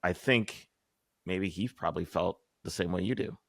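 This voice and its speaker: A male host in casual conversation, thoughtful and steady. His voice is very low with a gravelly rasp. The sound is close and dry. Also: moderate pace, dry recording. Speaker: podcast host. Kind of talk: casual chat.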